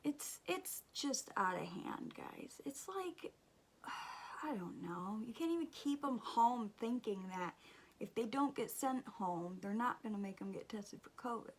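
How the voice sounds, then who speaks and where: A fairly high, husky-voiced woman in her thirties tells a story while doing her makeup. She sounds chatty and exasperated, and often sinks into a breathy near-whisper. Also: animated, a little slow. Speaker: beauty vlogger, mother. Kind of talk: casual storytelling during a makeup tutorial.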